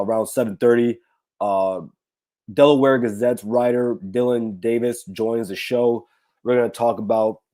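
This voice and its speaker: A man with a raspy, hoarse voice hosts a casual sports talk livestream, rambling with many fillers and restarts. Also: fairly low pitch, mellow. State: hoarse, recovering from illness. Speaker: podcast host.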